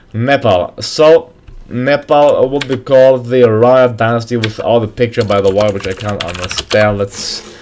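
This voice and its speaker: A man hosting a casual game mod review, reading out names haltingly with frequent pauses and restarts. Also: lowish voice, a little mellow. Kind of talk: casual screen-recorded game commentary.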